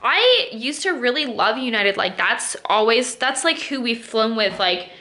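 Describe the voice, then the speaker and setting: A woman's voice: fairly high pitch, lively intonation, measured pace, sharp tone. A woman in her twenties talking casually to the camera at home, rambling with lots of fillers and getting indignant. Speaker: vlogger. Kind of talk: casual vlog chat. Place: home, indoors.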